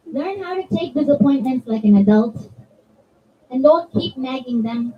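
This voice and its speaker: A woman's voice: sits high, expressive, measured pace. A woman giving a conversational religious talk at a children's gathering, chatting with the kids and asking them questions. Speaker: zakira addressing a children's majlis. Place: community center hall. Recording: distant, dull mic with faint room ambience.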